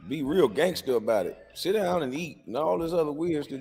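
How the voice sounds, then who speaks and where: A man's voice: a little high, lively intonation, brisk, vocal fry, few pauses, darkish tone, in a large hall, faint music behind. A man hosting a livestream, reacting to clips in a casual, incredulous and lecturing way with lots of rhetorical questions. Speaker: livestream host.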